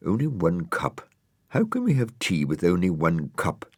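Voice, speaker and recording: A man's voice: sits low, huge pitch swings, normal speed, slightly rough, dry recording, studio quality, heavily acted. A man voicing a vain, fussy male dog with a pompous, huffy manner in a storybook reading. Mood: haughty.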